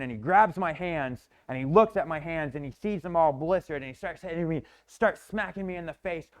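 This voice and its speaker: A man's voice: on the high side, a little fast, few pauses. A man in a motivational talk telling a personal story intensely, often repeating words and restarting, with some swearing. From Florida, USA. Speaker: motivational speaker.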